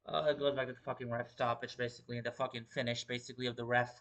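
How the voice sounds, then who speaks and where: A man's voice: mid-range voice, little pitch movement, very fast, fairly bright tone. A young man hosting a livestream and talking through wrestling shows in casual, profane, rambling commentary with many repeated filler words. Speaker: wrestling show host.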